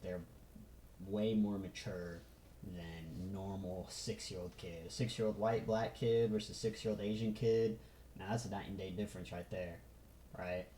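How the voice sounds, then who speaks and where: A man's voice: low voice, fairly even intonation, normal speed, dark tone, slight background noise. Rambling man on a roomy phone recording. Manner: rambling, loose, full of fillers. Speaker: vlogger. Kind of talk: casual rambling vlog.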